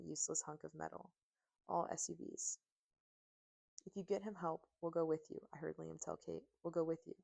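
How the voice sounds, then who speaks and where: A woman narrating a first-person audiobook in steady, emotive storytelling on a close mic. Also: low voice, gravelly.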